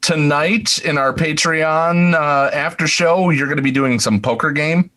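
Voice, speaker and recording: A man's voice: a little high, measured pace, bright, forceful tone. A man co-hosting a podcast in casual chat, easygoing, laughing often and steering the segments. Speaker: podcast co-host.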